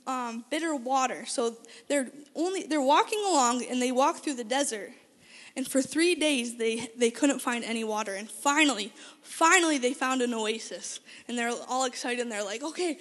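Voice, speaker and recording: A high-pitched woman gives a casual Bible lesson, retelling stories with lively energy. She stumbles and restarts phrases as she goes and throws questions to her listeners. Her voice rings out with a long reverb, as in a big hall. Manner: lively storytelling, frequent restarts, asks audience questions. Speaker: Bible teacher.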